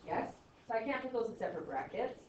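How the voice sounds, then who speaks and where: Woman math teacher, higher voice, playful and wry, captured from across an echoey room on dull audio. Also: big pitch swings, quick pace, a little mellow, far from the mic. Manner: playful, sarcastic asides to students. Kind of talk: classroom lecture. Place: classroom.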